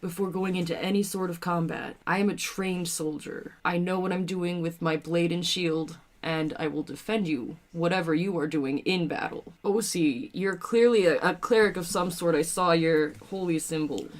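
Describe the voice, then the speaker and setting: A woman's voice: fairly low pitch, normal speed, few pauses, voice pushed down, close to an everyday voice. A woman playing an earnest formal soldier.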